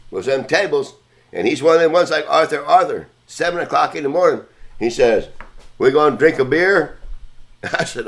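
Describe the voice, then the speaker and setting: A man hosting a podcast, telling a long story in a casual, rambling, profane way. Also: mid-range voice. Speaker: podcast host.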